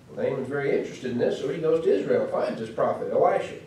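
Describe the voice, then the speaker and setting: A Midwestern American preacher with a mid-range, expressive, dark voice talks fast, with slight background noise. He delivers a sermon lesson in a chatty, storytelling style full of asides, recorded in an echoey church hall with the mic far off.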